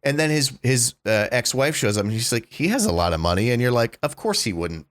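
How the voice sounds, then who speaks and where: A man co-hosting a podcast, talking excitedly in a casual way, full of "like" and "dude", with some swearing. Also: medium pitch, brisk, no echo. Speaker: podcast co-host. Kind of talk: casual chat.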